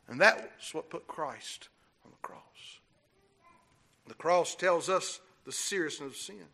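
A man preaching a sermon, swinging from low, steady talk into fiery shouting. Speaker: pastor.

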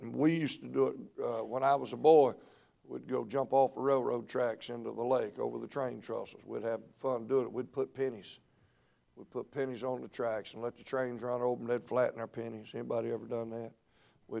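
A middle-aged preacher delivers a revival sermon from a church pulpit. His voice carries a gravelly edge and a mid-range pitch. He drops to near-murmurs, then climbs into loud, shouted peaks. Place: church sanctuary.

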